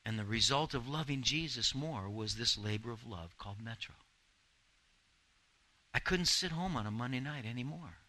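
A man's voice: medium pitch, expressive, normal speed, bright, forceful tone, poor audio. A man in his fifties, a pastor preaching an earnest, emphatic sermon.

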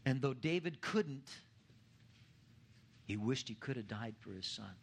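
A man preaching a sermon as pastor, swelling louder and higher on key points and dropping to a hushed, low voice at the ends of lines. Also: lively intonation, unhurried, vocal fry, breathy edge.

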